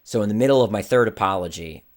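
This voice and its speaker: A man, an indie filmmaker, telling a story to camera in a casual, animated way. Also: lowish voice, fast. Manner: animated, acts out the people in his story.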